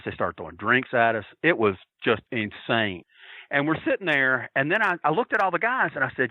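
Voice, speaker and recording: A man, a podcast guest, telling a story in an excitable, profane way and acting out what people said. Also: medium pitch, fairly quick, no room sound, narrow, tinny audio. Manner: profane, excitable, acts out quotes. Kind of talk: animated storytelling.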